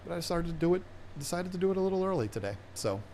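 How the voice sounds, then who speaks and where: A man's voice: high voice, very animated, very fast, mellow, slight background noise. A man hosting an aquarium live stream, chatting in a casual, rambling, playful way with viewers. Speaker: aquarium channel host.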